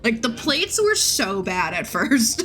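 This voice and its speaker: A woman's voice: fairly high pitch, sing-song, slow pace, a bit bright, faint music behind. A woman streaming a game, chatting casually in a crude, rambling way and laughing often. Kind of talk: casual live-stream chat.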